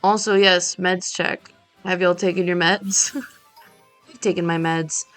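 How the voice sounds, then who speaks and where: A woman's voice: lowish voice, fairly even intonation, slow, fairly bright tone. A woman streamer chatting casually and jokily while playing a game, rambling between asides to her viewers. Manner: rambling, jokey, talks to chat. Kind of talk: casual gameplay chat. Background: faint game music.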